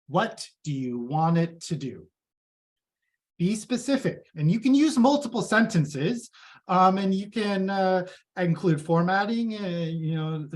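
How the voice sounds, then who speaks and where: A man giving a casual, chatty live tech presentation and reading audience comments aloud. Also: high-pitched.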